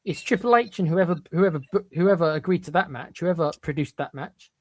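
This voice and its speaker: Podcast co-host, mid-pitched, blunt and emphatic, dry close sound, restarts often. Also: brisk, no room sound. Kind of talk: opinionated podcast chat.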